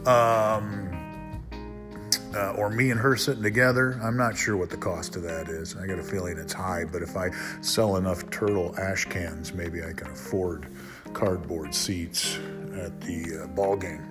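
A man's voice: low-pitched, steady tone, measured pace, over music. A man hosting a casual solo podcast, rambling and frank, swearing when he gets worked up. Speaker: podcast host.

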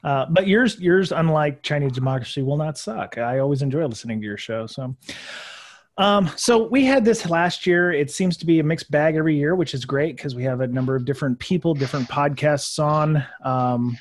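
A man's voice: a little high, lively intonation, normal speed. A man hosting a casual holiday podcast chat over a video call, easygoing and hesitant with frequent ums. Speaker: podcast host.

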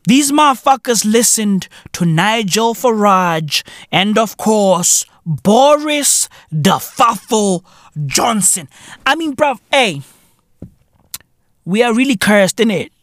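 South African male podcast host, profane comic ranter, bright, lively voice. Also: high-pitched, takes it slowly, no echo, studio quality. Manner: profane, animated ranting with slang. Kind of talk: comic monologue.

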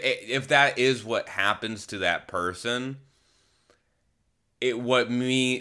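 A man's voice: lowish voice, pushed and bright, smooth. A man hosting a podcast, telling a story casually and rambling, often correcting himself mid-sentence. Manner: rambling, self-correcting, candid. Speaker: podcast host. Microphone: phone camera.

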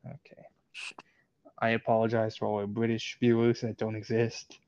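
A man's voice: lowish voice, completely flat delivery, normal speed, a little mellow, clear, resonant tone, no room sound. A man in casual chat, joking and rambling, often repeating his words as he stumbles along. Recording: slightly dull, dry recording.

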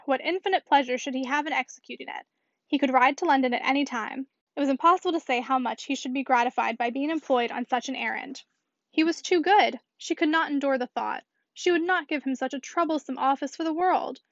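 A woman reading a novel aloud as an audiobook narrator, in an even, measured manner. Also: high voice, dry recording. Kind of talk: scripted narration. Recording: dull, dry lo-fi recording.

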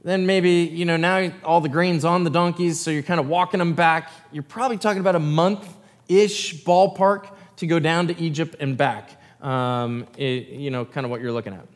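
A male pastor with a fairly high voice delivers a sermon in a church sanctuary, his words trailing off in the long reverb of the hall. He alternates between steady scripture reading and casual, rambling asides to the congregation. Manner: reads scripture, then breaks into loose conversational asides.

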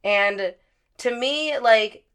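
A woman's voice: fairly high pitch, extremely slow, clean tone. A young woman co-hosting a podcast, telling stories in loose, profane casual chat. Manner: profane, storytelling, animated. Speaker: podcast co-host.

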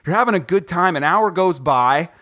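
Animated, joking male podcast host. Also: high-pitched, moderate pace. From Ohio, USA. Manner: animated, joking, rambling with lots of fillers. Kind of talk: casual podcast chat. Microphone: recording from home, guest on the phone.

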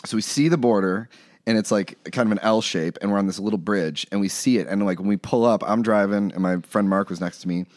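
Animated storytelling man. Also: on the low side, quick pace, no echo, studio quality. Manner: animated, acts out quotes, laughs often. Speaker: guest, studio engineer. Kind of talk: casual storytelling. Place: studio room.

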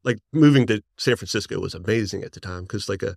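Male guest, 40s, rambling excited storyteller, dry recording. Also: lowish voice, fast, vocal fry, no echo. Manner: excited, rambling, laughs often. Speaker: interview guest, musician. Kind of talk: casual storytelling.

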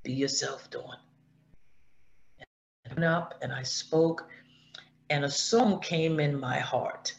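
Gravelly middle-aged woman telling a story. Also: deep voice, slow pace, long pauses. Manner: animated storyteller, acts out quoted voices. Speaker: guest. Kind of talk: casual chat. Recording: dull lo-fi line with faint noise.

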